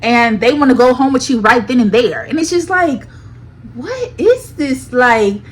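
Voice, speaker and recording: Young female vlogger, slightly high voice, casual and animated, talks straight to viewers. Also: unhurried, a little hiss or hum. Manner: animated, dramatic, slang-heavy, addresses viewers as y'all. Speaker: storytime vlogger. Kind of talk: casual storytelling.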